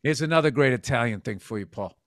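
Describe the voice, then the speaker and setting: A man's voice: medium pitch, expressive, quick pace, a bit bright, no echo, studio quality. A man in his fifties telling profane, rambling stories as a podcast co-host, now and then slipping into voices. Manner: profane storytelling, jumps into voices. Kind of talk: casual chat.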